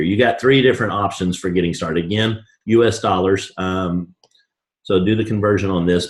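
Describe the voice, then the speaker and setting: Man, lower voice, hard-selling motivational pitch, echoey room. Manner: folksy, pushy motivational patter. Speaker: presenter at a business opportunity event. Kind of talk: sales pitch presentation.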